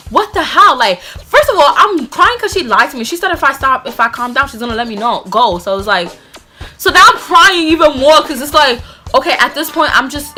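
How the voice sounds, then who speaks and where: A woman's voice: sits high, pushed and bright. A woman vlogger telling a personal story casually and dramatically, full of slang and acted-out moments.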